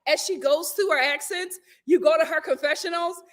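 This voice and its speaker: A young woman hosting a casual reality-TV recap, animated and laughing often as she acts out what people said. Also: sits high, normal speed. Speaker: YouTube host reviewing a reality show.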